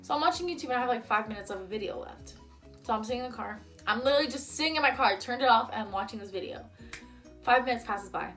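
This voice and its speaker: Young woman, storytime vlogger, a bit high-pitched, chatty and heated, faint background music. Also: expressive, fast, a bit bright. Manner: chatty, heated retelling full of "like". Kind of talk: storytime vlog.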